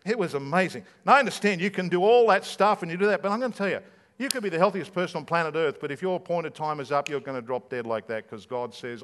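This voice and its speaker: A man's voice: fairly high pitch, expressive, fast, a bit bright. A man, a pastor preaching a sermon in a conversational way, full of rhetorical questions.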